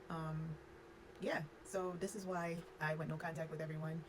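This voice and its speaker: Young woman, low voice, frank casual storytime, filler-heavy, faint background hiss. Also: steady tone, moderate pace. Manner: frank, unfiltered, sprinkles in "like" and cussing. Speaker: storyteller vlogger.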